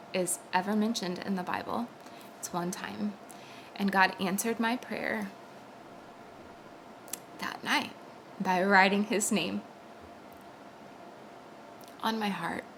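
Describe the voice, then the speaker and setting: Young woman sharing a faith testimony: earnest, chatty, full of fillers, her voice often dropping into vocal fry over faint background noise. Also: mid-range voice, a bit bright, rough recording. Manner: earnest and conversational, with frequent fillers. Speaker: Christian speaker sharing a testimony.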